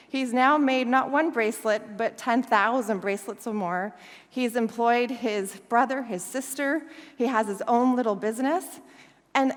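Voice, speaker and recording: A woman guest speaker telling a lively story, laughing often and acting out the voices of the people in it. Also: on the high side. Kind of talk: storytelling talk. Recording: long hall reverb.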